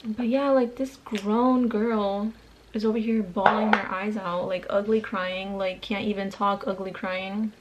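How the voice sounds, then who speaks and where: A woman's voice: medium pitch, steady tone, measured pace, very noisy. A young woman chatting casually while she does her makeup at home, rambling with lots of slang and fillers. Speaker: beauty vlogger. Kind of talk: chatty get-ready-with-me vlog. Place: home, doing makeup at a mirror.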